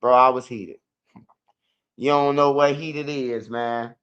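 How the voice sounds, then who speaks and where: A man's voice: medium pitch, fairly even intonation, measured pace, fairly bright tone, clean tone. A man with a Chicago accent telling rambling, profane stories in a casual livestream, with many restarts. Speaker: livestream host. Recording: dull lo-fi stream audio.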